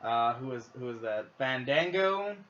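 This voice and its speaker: A man's voice: medium pitch, lively intonation, a little slow, fairly bright tone. A young man with a Midwestern accent giving earnest, sometimes announcer-style picks in a casual chat while gaming. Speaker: podcast co-host. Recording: lo-fi audio with clear background noise.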